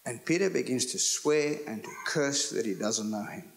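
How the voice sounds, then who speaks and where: A man's voice: mid-range voice, lively intonation, creaky. A man preaching a sermon, teaching through scripture and checking in with his audience. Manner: slow, emphatic teaching, asks the audience questions.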